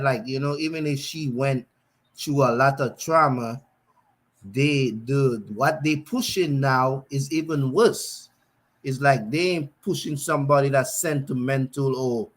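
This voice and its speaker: Rambling man in casual stream chat. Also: medium pitch. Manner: rambling, full of "you know what I'm saying".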